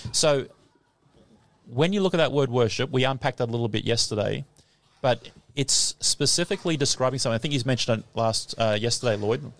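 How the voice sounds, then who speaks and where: A man's voice: mid-range voice, a little fast. A man teaching the Bible on live radio, quizzing a class in front of him and laughing often. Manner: lively, laughing, asks the audience questions. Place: tent or hall with a live audience.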